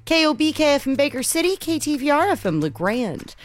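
A woman hosting a local morning radio show, announcing headlines, weather and station IDs in a lively way. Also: high voice, fairly quick. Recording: faint music bed.

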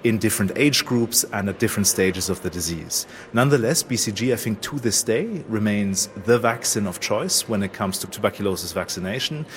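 Low-voiced male historian on site. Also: animated, slight background noise. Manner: measured, academic, with "uh" and "um" pauses. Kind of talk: on-site interview explanation.

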